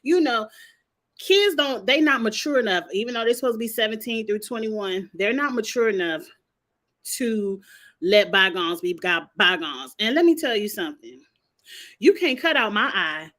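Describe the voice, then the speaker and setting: A woman's voice: on the high side, moderate pace. A woman hosting a casual TV recap, telling the story with sass and playful cursing. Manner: sassy, animated retelling with playful cursing. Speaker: show recap host.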